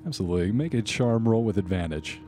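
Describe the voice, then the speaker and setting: Man, game master, low voice, steady descriptive narration, faint music behind. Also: quick pace.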